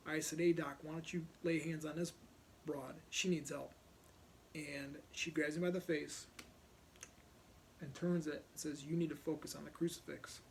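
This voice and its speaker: A man with a gravelly, slightly high voice tells a personal story in a blunt, profane way. A faint hiss sits under the recording. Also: little pitch movement, normal speed, long pauses.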